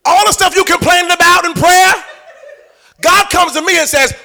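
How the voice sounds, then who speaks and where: High-voiced man preaching a sermon. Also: brisk, gravelly, a faint crowd. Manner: preaching with shouted and sung-out phrases, acting out dialogue. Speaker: pastor.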